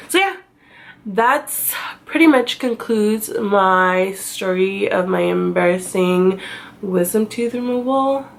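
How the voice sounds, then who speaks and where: Slow, gravelly-voiced woman telling a story. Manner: chatty, self-mocking, acts out her own past crying in a high wail. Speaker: vlogger. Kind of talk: casual story time.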